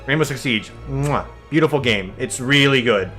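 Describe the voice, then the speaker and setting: A man's voice: mid-range voice, normal speed, soft background music. Chatty young man rambling over gameplay. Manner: chatty, animated, jokey, acts out quoted friends. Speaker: streamer and let's-play host.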